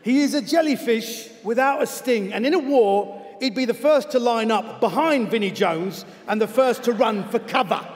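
A man's voice: very high-pitched, normal speed, few pauses. A man voicing a blunt, scathing Cockney football coach as he reads a letter aloud on stage. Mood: scornful. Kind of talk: comic reading of a letter on stage. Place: large theatre hall. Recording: long hall reverb from a stage.

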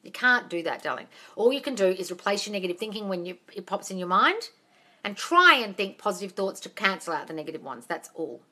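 A woman answers viewer questions on a live phone stream with a bright, forward voice. She is blunt and swears freely, calling everyone darling. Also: mid-range voice, sing-song, fairly quick. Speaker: manifestation coach hosting a live Q&A.

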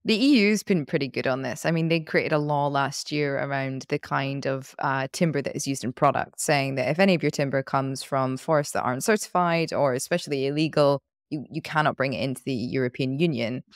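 Gravelly-voiced curious podcast host. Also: mid-range voice, no echo, clean studio sound. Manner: curious, quick reactions, follow-up questions. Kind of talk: conversational interview.

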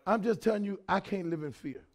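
A pastor in his fifties preaching a sermon, swinging between shouted lines and quieter talk, with lots of repetition. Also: high-pitched, lively intonation, brisk. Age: 50s.

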